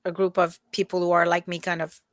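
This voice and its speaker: A woman co-hosting a casual morning chat, talking in a relaxed, rambling way with many restarts. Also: on the low side, fast, no room sound, clean studio sound. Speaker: co-host.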